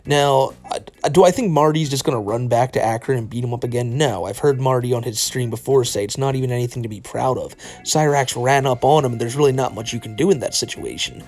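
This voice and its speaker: A man's voice: mid-range voice, fast, few pauses, darkish tone, soft background music. Mocking, laughing commentary man. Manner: mocking, laughs often, swears freely. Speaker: commentary YouTuber. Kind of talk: casual commentary.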